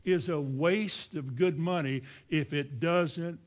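Folksy preacher man, slightly high voice. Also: takes it slowly. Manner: folksy, acts out boastful voices, asks the congregation questions. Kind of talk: sermon.

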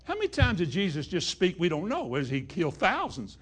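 A man preaching a sermon in a folksy way, dropping to a hush and then rising to emphatic declarations. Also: high-pitched, huge pitch swings, fairly quick, breathy edge. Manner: folksy, swings between hushed and emphatic. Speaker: pastor.

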